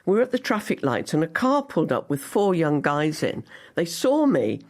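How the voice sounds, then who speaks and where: An older woman, a guest actress on a podcast, telling animated stories with frequent laughter. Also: low voice, normal speed. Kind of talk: podcast interview.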